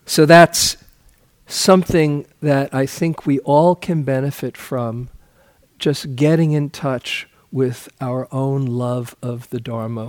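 A male meditation teacher giving a dharma talk, telling a story in a relaxed way with soft laughs. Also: medium pitch, dry recording.

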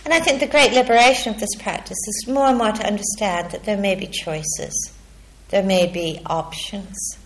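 Measured, reflective woman teaching meditation. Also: mid-range voice, slight background noise. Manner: measured and reflective, with pauses and a questioning "hmm?". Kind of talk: dharma talk.

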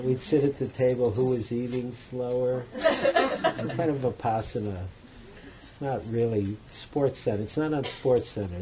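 A man, a meditation teacher, giving a dharma talk in a meditation center hall, telling a story in a relaxed, chatty, self-mocking way. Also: mid-range voice, noisy background. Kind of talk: dharma talk to a retreat audience.

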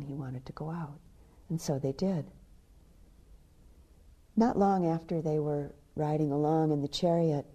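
A woman meditation teacher giving a dharma talk. She tells a story softly, often dropping to a hushed near-whisper. Her voice is low, very dark and husky. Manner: soft, storytelling with hushed passages.

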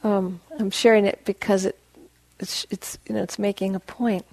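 A woman meditation teacher giving a dharma talk in a soft, gentle, unhurried voice that often drops to a hush. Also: medium pitch, level tone, no echo. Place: meditation hall.

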